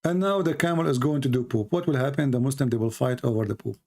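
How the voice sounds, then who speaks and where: A man's voice: medium pitch, fast, a little mellow. A man from the Middle East whose first language is Arabic, giving mocking, sarcastic commentary over a video he is playing. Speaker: religious commentator.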